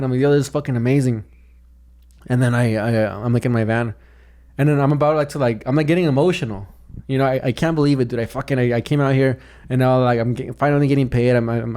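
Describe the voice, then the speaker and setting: A young man telling a story on a podcast in a loose, rambling way. His voice sits at an ordinary middle pitch, and he keeps restarting his sentences and saying "dude". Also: mellow. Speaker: podcast co-host, comedian. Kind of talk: casual chat.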